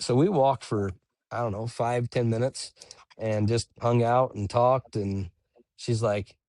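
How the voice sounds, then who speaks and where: A young man telling race stories in relaxed casual chat, dropping "dude" and "bro" as he goes. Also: on the low side, normal speed, dry recording. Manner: laid-back, says "dude" and "bro" a lot. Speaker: podcast guest, ultramarathon runner.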